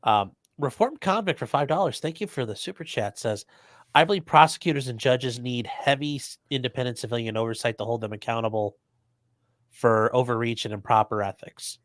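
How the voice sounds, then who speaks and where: A man's voice: mid-range voice, fairly bright tone, no room sound, studio quality. A man hosting a livestream, chatting casually and reading out viewer messages, often stumbling over his words. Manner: halting, repeats words, reads super chats aloud. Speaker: livestream host.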